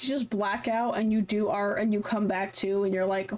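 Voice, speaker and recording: A woman's voice: medium pitch, steady tone, moderate pace, crowd noise. A woman streamer in casual live-stream chat, rambling with lots of fillers and restarts, heated and passionate.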